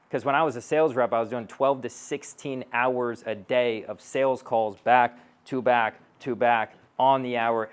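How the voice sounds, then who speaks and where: A man in his thirties giving a live stage talk as a sales coach, blunt and profane, acting out bits of sales-call dialogue. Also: medium pitch. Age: 30s. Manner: blunt, profane, punchy delivery; acts out sales-call dialogue in quick asides. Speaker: sales coach speaking to an audience.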